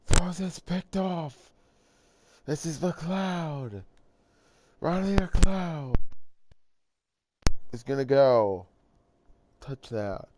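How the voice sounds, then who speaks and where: A man putting on the voice of an excited TV football play-by-play announcer, calling plays with bursts of high, loud calls. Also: drawn-out words, long pauses. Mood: hyped. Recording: clear background noise.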